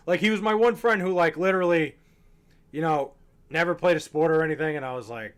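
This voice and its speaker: A man's voice: fairly high pitch, a little fast, long pauses, smooth. A young man on a livestream, chatting casually, rambling and swearing, a little tipsy. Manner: rambling, profane, joking. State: a bit tipsy. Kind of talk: casual chat to stream chat.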